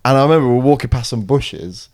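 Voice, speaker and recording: A young man, co-hosting a casual podcast. His voice is at a middle pitch but swings widely as he acts out what his friends said. He keeps the stories moving. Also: fast talker. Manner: animated storyteller, acts out friends' lines. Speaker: podcast co-host. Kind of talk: casual chat.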